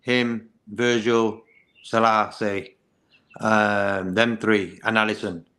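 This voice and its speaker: A man's voice: fairly low pitch, little pitch movement, slow pace, bright, forceful tone. A man co-hosting a casual fan chat, easygoing, and given to homely comparisons. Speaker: regular co-host.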